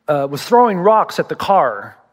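A middle-aged man delivers a sermon with a voice pitched noticeably high for a man. He teaches like a storyteller, dropping in humor and acting out the people he quotes. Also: very animated, normal speed, big-room sound. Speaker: pastor.

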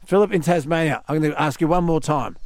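A man's voice: on the high side, quick pace, a little mellow. An Australian man hosting a radio show, telling stories in casual banter and hammering his points with repeats. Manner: storytelling, emphatic repeats. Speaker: radio host.

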